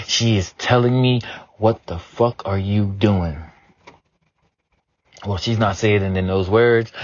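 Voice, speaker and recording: Husky fortyish guy praying out loud to the ancestors, chatty and repeats himself, muffled lo-fi sound. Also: lowish voice. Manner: conversational, repetitive, earnest, with blunt language. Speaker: spiritual prayer leader. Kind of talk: spoken prayer to ancestors. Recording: dull lo-fi recording.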